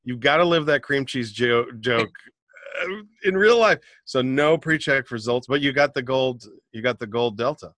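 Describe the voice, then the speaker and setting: A man's voice: medium pitch, expressive, moderate pace, fairly bright tone, no echo. Man, podcast host, dry close recording, playful riffing questions. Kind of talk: casual podcast chat.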